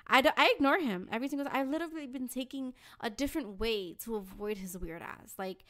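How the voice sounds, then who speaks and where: Young woman, podcast co-host, casual chat, blunt, profane, animated, slightly high voice. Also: quick pace.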